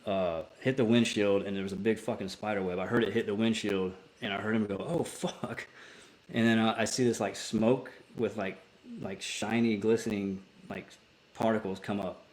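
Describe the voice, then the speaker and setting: A man with a lowish voice tells a story on a podcast, loose and unpolished. He swears freely and often circles back to restart his sentences, in a casual, conversational way. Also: flat delivery, normal speed, a little mellow. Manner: profane, rambling with many restarts. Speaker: podcast guest, military veteran.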